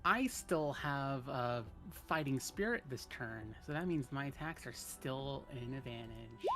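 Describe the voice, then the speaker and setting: A man's voice: medium pitch, expressive, a little slow, over loud music. A man playing a tabletop role-playing game, describing his character's actions in a casual way and sometimes dropping into a whisper. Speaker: player.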